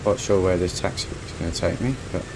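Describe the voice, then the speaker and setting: Low-voiced guy streaming a flight sim, laid back, jokey, faint hum behind. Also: quick pace, gravelly. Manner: relaxed, chatty, joking with a friend. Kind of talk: casual gameplay chat.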